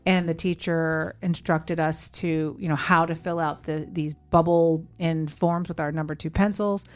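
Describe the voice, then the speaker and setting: A woman's voice: low-pitched, steady tone, measured pace. A woman in her forties hosting a podcast, candidly telling a personal story and acting out remembered dialogue. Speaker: podcast host.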